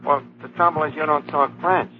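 A man's voice: fairly high pitch, steady tone, a little fast, narrow, tinny audio, lightly acted. A man playing a brash, wisecracking, pompous tavern manager in 1940s radio comedy, on a scratchy old broadcast. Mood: scheming. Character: fast-talking scheming male tavern manager. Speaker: comic lead in a radio comedy.

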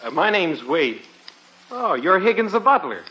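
A man's voice: high voice, very animated, moderate pace, bright, forceful tone, husky, exaggerated voice. A man with an American accent playing a wisecracking newspaper reporter in a 1940s radio comedy, on a muffled old recording.

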